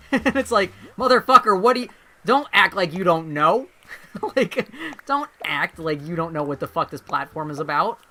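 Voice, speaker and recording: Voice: medium pitch, bright, forceful tone, slight background noise. A vtuber streamer in casual livestream chat, rambling and swearing freely and laughing often while playing a game at home.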